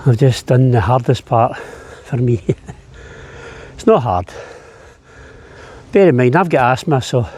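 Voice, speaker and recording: Mid-range and darkish in tone, this man's voice comes from a Scottish travel vlogger strolling an island path outdoors. He's chatty, relaxed, and joking, a little winded as the path climbs.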